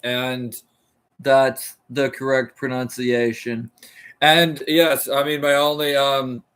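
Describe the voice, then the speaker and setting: A man with an American accent reading a classic text aloud on a livestream in a careful, halting way, stopping to restart on hard words and talking casually to viewers between passages. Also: mid-range voice, level tone, a bit bright, smooth.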